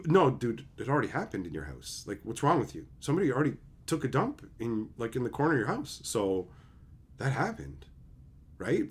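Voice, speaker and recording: Husky guy ranting hard, swears a lot, voice jumps all over. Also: mid-range voice, a bit bright. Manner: profane, heated, sarcastic, mocks opponents in put-on voices. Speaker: streamer. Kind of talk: ranting commentary.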